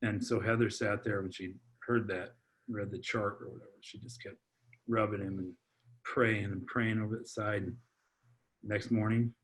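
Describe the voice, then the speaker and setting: A man on a podcast, telling a heartfelt personal story in a halting way, full of restarts and repeated words. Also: on the low side, little pitch movement. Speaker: podcast guest, father. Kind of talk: heartfelt personal testimony in conversation.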